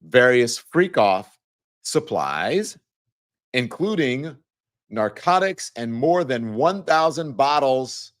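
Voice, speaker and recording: A man's voice: mid-range voice, very animated. A man hosting a talk show, reading a document aloud and adding playful, chatty asides to his viewers. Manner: playful, quick to crack jokes. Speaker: show host. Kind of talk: live news commentary talk show.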